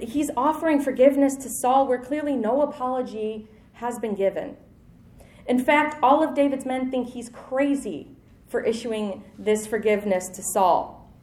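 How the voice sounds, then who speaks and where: A woman's voice: sits high, a little mellow, reverberant. A woman in her thirties preaching a sermon in a conversational, self-deprecating way, with light laughs.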